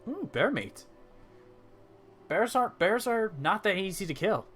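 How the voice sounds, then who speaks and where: A man voicing a cheery, teasing female drow barkeeper in a tabletop game, with loud, bubbly greetings. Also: medium pitch, a little fast, a little hiss or hum, natural voice. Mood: cheerful.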